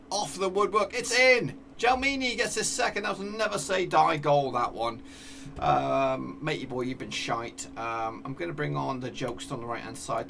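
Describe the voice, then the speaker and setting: A man giving excitable live commentary over a football management game, cheering at goals and talking to his players. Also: mid-range voice, gravelly, distant mic, a little hiss or hum. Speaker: gaming YouTuber.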